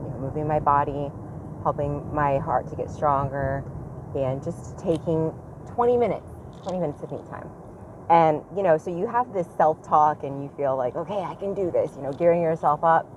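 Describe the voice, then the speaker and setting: A parent vlogger in her thirties talks candidly in a low, deep voice at a moderate pace for a casual personal vlog, rambling and reflecting on herself. She's outdoors near a train line, with street traffic and a passing train clearly audible, and the recording's highs are cut off.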